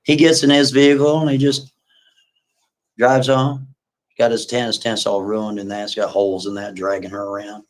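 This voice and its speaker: A man's voice: on the low side, flat delivery, normal speed. Brief: a man hosting a live stream, telling a story in an easy, rambling, folksy way. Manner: rambling, folksy, with lots of asides. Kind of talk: casual storytelling.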